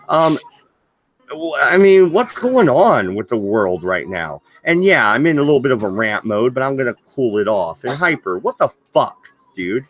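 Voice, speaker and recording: A man's voice: medium pitch, big pitch swings, moderate pace, fairly bright tone. A man hosting a livestream, ranting angrily and swearing heavily. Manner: heated, profane, swearing often. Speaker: livestream host. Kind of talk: angry livestream rant.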